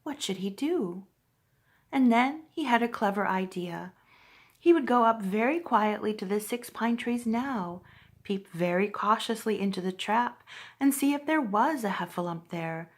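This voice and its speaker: A woman from a library reading a children's book aloud with lively, expressive storytelling. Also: medium pitch, measured pace.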